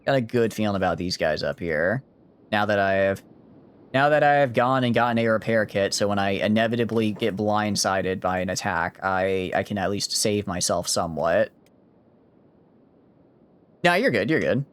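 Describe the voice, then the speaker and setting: A man's voice: on the low side, moderate pace, smooth. A man with a mild Southern US accent gives casual gameplay commentary as a streamer, rambling and often correcting himself. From Southern United States. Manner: rambling, self-correcting, chatty. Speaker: game streamer.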